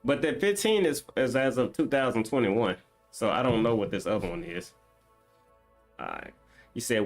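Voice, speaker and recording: A man hosts a game live stream, bantering casually with his viewers as he reads their comments aloud. His pitch swings widely as he talks, and faint music plays underneath. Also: expressive, normal speed, pauses often.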